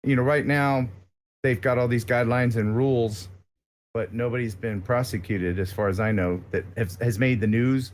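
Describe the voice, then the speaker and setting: A man's voice: mid-range voice, steady tone, normal speed, slight background noise. An American man chatting casually as a guest on a live stream, rambling and joking with lots of filler words.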